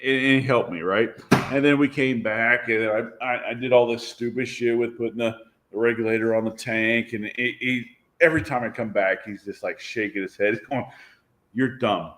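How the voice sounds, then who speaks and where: A man's voice: medium pitch, steady tone, moderate pace, fairly bright tone. Self-mocking man telling a race-car story. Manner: self-deprecating, laughing, swears freely. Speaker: drag racer and car owner, guest. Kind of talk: casual storytelling.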